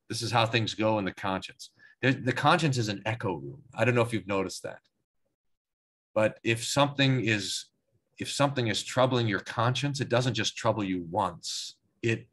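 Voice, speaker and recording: A male pastor teaching a Bible class, reading passages aloud, then commenting in a lively, conversational way that sometimes acts out the quoted speakers. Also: mid-range voice. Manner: animated, acts out quoted lines with voices, chuckles; restarts and repeats words while thinking aloud.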